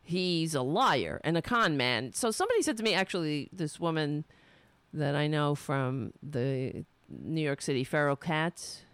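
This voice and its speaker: Animated nasal woman host. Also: low voice, smooth, no room sound. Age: middle-aged. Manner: animated, sarcastic and profane, talking to herself between thoughts. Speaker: show host. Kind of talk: casual political talk monologue.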